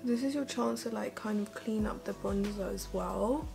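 A woman with a medium-pitched, gravelly voice talks at a moderate pace over background music. She's a beauty vlogger doing a casual get-ready-with-me, walking viewers through her makeup in a chatty, rambling way and saying "like" constantly.

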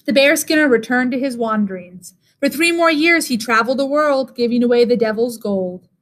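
Reading a fairy tale to listeners, this woman teacher speaks at a steady, measured pace. Her voice is slightly high and her narration is expressive.

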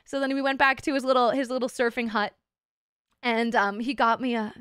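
A woman's voice: a little high, flat delivery, fairly quick, a bit bright, clear, resonant tone, no echo, studio quality. A young woman streamer telling a story to her chat in a casual way, swearing a lot, laughing often and playing up her own drama. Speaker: VTuber streamer.

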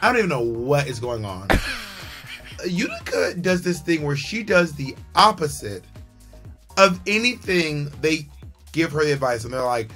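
A man co-hosting a casual TV review chat, talking in an animated, sassy and brash way. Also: fairly high pitch, normal speed, soft background music. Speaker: co-host of a TV review show.

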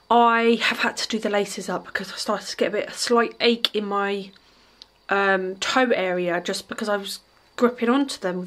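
A woman in her forties chatting casually at home as she reviews gifted trainers, friendly and relaxed, sometimes whispering or talking fondly to her pet. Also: medium pitch. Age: 40s. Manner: chatty and warm, fond baby-talk to her pet, drops to a whisper at times. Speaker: lifestyle vlogger. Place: at home, indoors.

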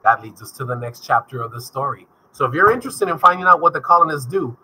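A male history teacher giving an energetic recorded video lesson, speaking straight to his students. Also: fairly high pitch, fast, a little hiss or hum, poor audio. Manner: energetic, addresses students directly.

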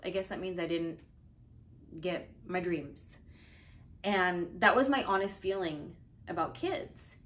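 Woman, 30s, comedian hosting her own vlog: chatty, earnest, a bit winded, mid-pitched. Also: fairly bright tone. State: out of breath. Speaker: comedian and video host. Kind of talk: casual talk to camera.

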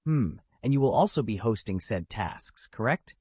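A man voicing a calm, assured boy wizard. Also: fairly low pitch, moderate pace, husky, no echo, heavily acted. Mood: composed. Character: poised confident teenage boy wizard.

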